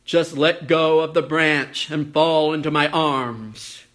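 A preacher intoning a calm heavenly voice, dropped well below his normal pitch. He speaks slowly, solemnly and reassuringly. It is a mock-grand voice in a storytelling sermon. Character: calm, booming divine voice from heaven.

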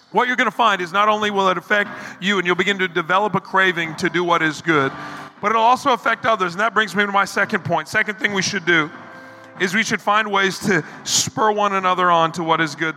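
A man preaching a sermon as pastor, animated and repeating words as he builds each point. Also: high voice, a little fast. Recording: reverberant hall with soft music behind.

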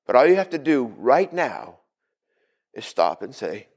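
A man's voice: medium pitch, sing-song, unhurried, long pauses. A male pastor preaching a sermon, calling out to the congregation for responses.

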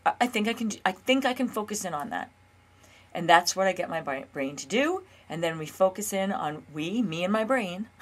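Woman coach talking casually, bit low voice, lots of "like" and "okay?". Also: a bit bright. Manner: chatty, with frequent fillers and "okay?" check-ins. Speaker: weight loss coach and podcast host.

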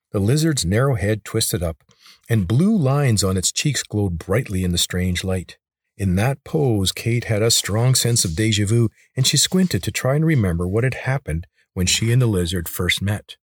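The novel's scripted narration comes from a low, husky man who tells the story steadily and with measure, in a dry, studio-quality recording.

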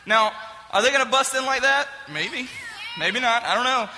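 A man giving a comic sermon illustration to a live audience, animated and jokey, often shouting for emphasis. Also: very high-pitched, moderate pace, long reverb tail, slight background noise, poor audio. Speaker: speaker addressing a live audience.

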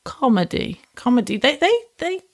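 A woman co-hosting a podcast in casual chat, speaking haltingly and searching for words because of aphasia. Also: fairly high pitch, big pitch swings, slightly rough, dry recording, clean studio sound. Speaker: podcast co-host.

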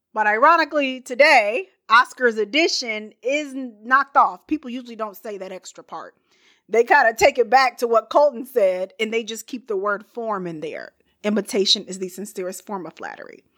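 A woman's voice: a little high, lively intonation, moderate pace, a bit bright. A woman hosting a podcast, casually telling a history story with playful, chatty asides and frequent laughter.

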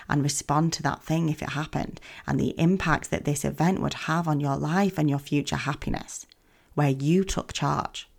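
A woman hosting a self-help podcast, talking in a gentle, soothing coaching manner. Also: sits low. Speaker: podcast host.

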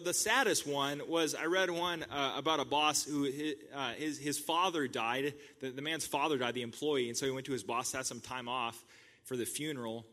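A man's voice: mid-range voice, pushed and bright, in a large hall. A man preaching a sermon as the pastor of his church, talking in a conversational way and laughing at his own stories.

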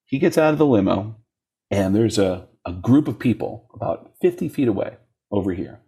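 A comedian being interviewed, telling stories in a casual, animated way. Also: male voice, lowish voice, normal speed, breathy edge. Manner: animated storyteller, jumps into voices when quoting people. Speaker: comedian guest.

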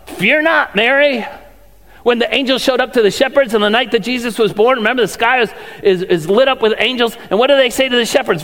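High-voiced preacher in a reverberant hall. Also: male voice, fairly bright tone. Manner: conversational preaching with rhetorical questions. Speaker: pastor. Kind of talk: sermon.

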